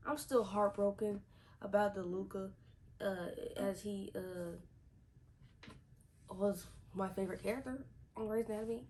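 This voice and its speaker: A woman's voice: medium pitch, fairly even intonation, unhurried, long pauses, a little mellow, slight background noise, poor audio. A woman reviewing a TV episode in a casual vlog, chatty, repeating herself with lots of fillers. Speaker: TV show reviewer.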